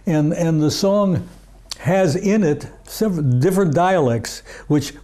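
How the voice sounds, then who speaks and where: An older man, an archivist of Yiddish culture, talking in a rambling, halting way with many fillers in a casual interview. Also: fairly high pitch, warm tone. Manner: sings Yiddish folk songs unaccompanied.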